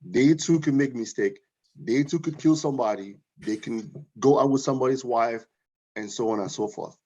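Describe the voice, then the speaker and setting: A man giving an earnest, informal speech at a book launch, with halting restarts and repeated phrases. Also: mid-range voice, darkish tone, slightly rough. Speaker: guest speaker praising a novel. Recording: dull lo-fi audio.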